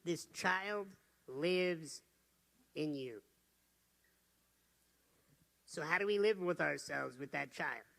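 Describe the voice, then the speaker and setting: A man's voice: a little high, takes it slowly, gravelly, pauses often, fairly bright tone. A man giving a motivational talk to a live audience, telling stories and putting questions to the crowd. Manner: storytelling, asks the audience questions. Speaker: motivational speaker.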